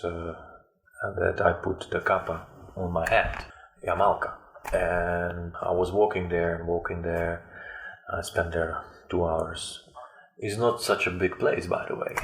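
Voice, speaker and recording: Deep, flat-voiced man telling his story. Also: roomy sound. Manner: halting, with frequent fillers and restarts. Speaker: interview guest. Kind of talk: personal storytelling.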